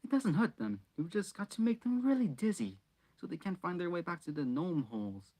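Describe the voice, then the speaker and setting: A man's voice: fairly high pitch, very animated, moderate pace, pitched above the performer's own voice. A man voicing a blunt teenage boy from a storybook who explains things in a matter-of-fact way. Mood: explaining.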